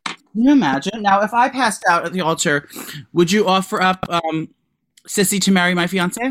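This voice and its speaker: A man's voice: sits high, normal speed, a bit bright, no room sound. Man rambling through gossip, dry close mic. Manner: rambling storyteller, trailing restarts, crude asides. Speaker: podcast co-host. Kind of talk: casual chat.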